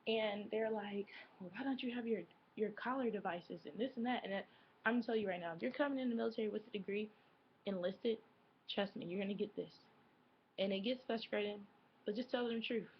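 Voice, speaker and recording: A woman's voice: medium pitch, husky. Chatty young woman with a slightly dull sound. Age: 20s. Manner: chatty, lots of fillers and self-corrections. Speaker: vlogger. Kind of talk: casual chat to camera.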